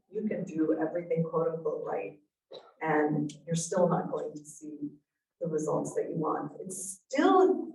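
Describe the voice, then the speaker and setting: A woman with a lowish voice gives an earnest, reflective talk, weaving stories into her points. She sounds a little distant from the mic. The room around her is echoey. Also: a little mellow. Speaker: speaker at a parenting talk. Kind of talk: inspirational talk. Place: event room.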